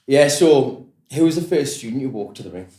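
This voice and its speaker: A man's voice: mid-range voice, lively intonation, brisk, mellow, echoey room. A man hosting a casual interview, encouraging his guest with short "mm-hmm" and "aye" replies. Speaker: podcast host.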